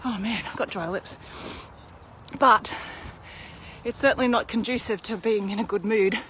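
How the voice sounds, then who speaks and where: A woman's voice: medium pitch, moderate pace, fairly bright tone, a little hiss or hum. A woman in her thirties, out of breath, chatting candidly in a live video while pushing a pram uphill outdoors. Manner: chatty, candid, self-deprecating. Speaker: vlogger. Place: outdoors on a hilly street.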